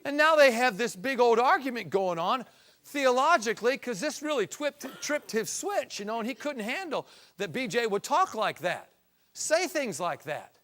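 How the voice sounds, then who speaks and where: This is a man preaching a storytelling testimony. His voice sits high and his delivery is folksy. It swells into fervent emphasis as the story builds. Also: very animated, normal speed, fairly bright tone.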